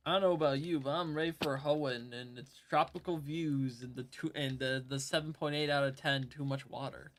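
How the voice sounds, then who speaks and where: A woman's voice: a bass voice, steady tone, fairly quick, few pauses. A woman chatting and joking playfully with a friend on a live gaming stream. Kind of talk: casual gaming stream chat.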